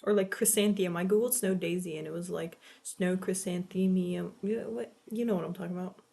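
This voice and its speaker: A woman's voice: lowish voice, fairly even intonation, brisk, gravelly, warm tone. A young woman in her late teens chatting casually in a vlog, rambling and swearing, with lots of "like" filler. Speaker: vlogger. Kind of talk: casual chat.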